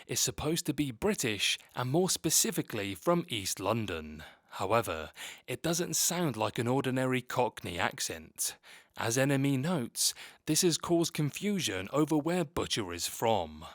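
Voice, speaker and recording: A man narrating a scripted video essay in a steady, measured read. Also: medium pitch, dry recording, studio quality.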